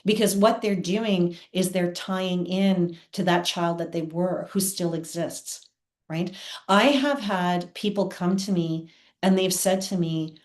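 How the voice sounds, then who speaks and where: A woman's voice: lowish voice, slow, darkish tone. A woman guest on an interview show, telling personal stories in an earnest, heartfelt way. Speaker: guest, theatre producer. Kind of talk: candid personal storytelling. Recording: roomy echo.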